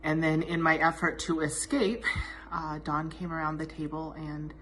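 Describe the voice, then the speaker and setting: A dog groomer telling a heartfelt, self-deprecating anecdote in a personal tribute message. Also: female voice, deep voice, steady tone, moderate pace, fairly bright tone, faint music behind.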